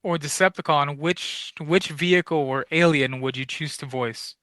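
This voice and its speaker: A man's voice: fairly high pitch, normal speed, a bit bright, no echo, clean studio sound. A man hosting a podcast in casual chat, laid-back and slangy, with many fillers. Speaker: podcast host.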